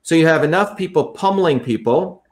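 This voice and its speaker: A man's voice: fairly high pitch, lively intonation, fairly quick. A man talking in an interview, explaining at length in an earnest, lecturing way and often repeating his phrases. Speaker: guest.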